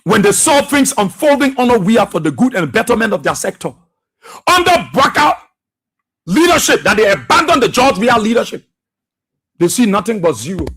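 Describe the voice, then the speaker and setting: A man's voice: high voice, very animated, normal speed, a bit bright, a little hiss or hum. A man giving emphatic, repetitive political commentary as a radio talk show host.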